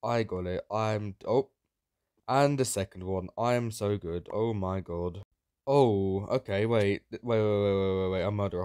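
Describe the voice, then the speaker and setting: A man with a fairly low voice commenting on a game as he plays, excitable and sarcastic, prone to sudden yelps. The sound is dry and close, with no room around it. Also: a little slow, clean tone, dry recording. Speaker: Minecraft YouTuber. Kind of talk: gameplay commentary.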